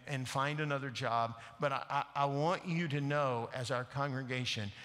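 A man playing a grieving, humble pastor who speaks softly and haltingly through tears. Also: mid-range voice, long reverb tail, lightly acted. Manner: soft, halting, tearful confession. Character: grieving middle-aged pastor, humble and broken.

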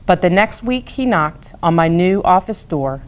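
A woman from a school staff reading a rhyming children's book aloud in a steady, rhythmic way. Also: lowish voice, measured pace, a little hiss or hum.

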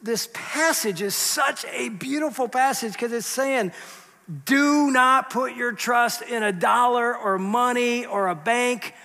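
A man preaching in a church with a high, bright, forceful voice. He talks conversationally and shifts between quiet, hushed asides and loud, emphatic lines. His voice carries a long reverb off the sanctuary. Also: slow pace. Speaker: pastor. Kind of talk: sermon.

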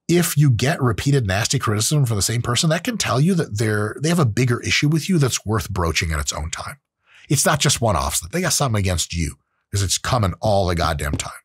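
Husky, animated man in his late thirties. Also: fairly low pitch, dry recording, studio quality. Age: late 30s. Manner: blunt and profane, with acted-out quotes. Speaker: host. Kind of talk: casual solo monologue.

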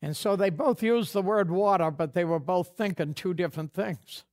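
A man's voice: high voice, normal speed, a little mellow. A man preaching a sermon as pastor, folksy and conversational, acting out bits of dialogue. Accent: New England.

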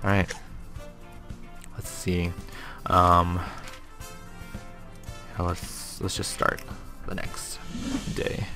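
A man's voice: deep voice, monotone, very slow, gravelly, pauses often, over music. A man hosting a casual let's-play, rambling and joking to himself as he plays. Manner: rambling and self-amused, chats to himself. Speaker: gaming channel host.

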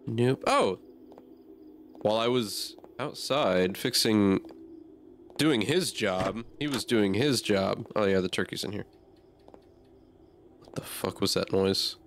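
A man's voice: lowish voice, a bit bright, slight background noise. A man playing a horror game and talking through it aloud, easily startled and swearing often. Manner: jumpy, swears a lot, reacts aloud. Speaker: gamer.

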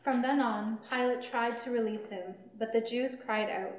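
A woman reading the narration of a scripture passage at a church service, steady and clear. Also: fairly high pitch, normal speed, lo-fi sound. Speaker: lay reader, narrator. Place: church sanctuary. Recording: echoey church.

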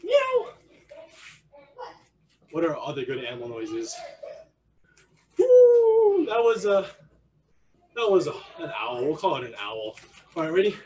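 A man's voice: medium pitch, sing-song, fairly quick, a little mellow, lo-fi sound. A man teaching an online martial arts class for kids, playful and encouraging, leading exercises with silly animal noises over a video call. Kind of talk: energetic online kids' class.

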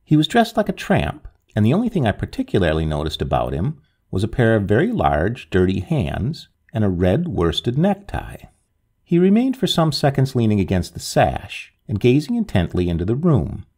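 A male storyteller reads an old ghost story with drama, his husky voice rising and falling over a very wide range. His voice sits fairly low, and he gives each line a vivid, expressive turn. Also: moderate pace. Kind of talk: reading a Victorian ghost story aloud.

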